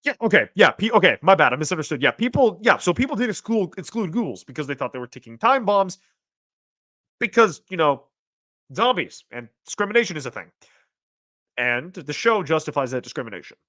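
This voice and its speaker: A man hosting a casual livestream, reading chat aloud and rambling, with restarts and sudden excited jumps in pitch. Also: a little fast, dry recording. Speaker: streamer host reading chat.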